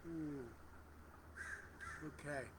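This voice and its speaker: A middle-aged man hosting a prayer livestream outdoors, speaking gentle, reverent affirmations as he reads viewers' comments aloud over a phone. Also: on the high side, level tone, extremely slow, a little hiss or hum. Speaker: spiritual livestream host.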